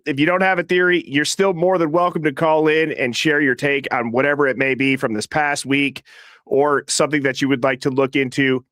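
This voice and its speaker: Male stream host, slightly high-pitched, dry close mic, rapid easy patter reading viewer names. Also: no echo. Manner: fast, casual, shouting out names in quick succession. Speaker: host of a live call-in show.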